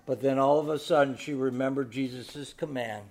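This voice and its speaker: A man preaching a sermon, moving between hushed storytelling and loud, emphatic exhortation full of rhetorical questions. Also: mid-range voice, steady tone, moderate pace. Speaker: pastor.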